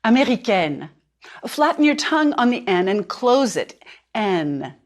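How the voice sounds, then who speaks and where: A woman language teacher, narrating a lesson clearly and deliberately and slowing down on words she wants repeated. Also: fairly high pitch, very animated. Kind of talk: instructional narration.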